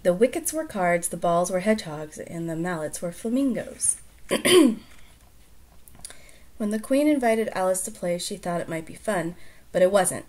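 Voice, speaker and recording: Woman, storyteller, soft-spoken, casual chat, hushed near-whispers. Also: fairly low pitch, expressive, normal speed. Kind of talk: reading aloud, then casual chat.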